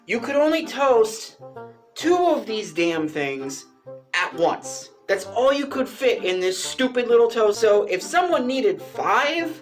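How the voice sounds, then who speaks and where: A man vlogger telling a personal story in a casual way, animated and exasperated, swearing freely and pushing his pitch up for emphasis.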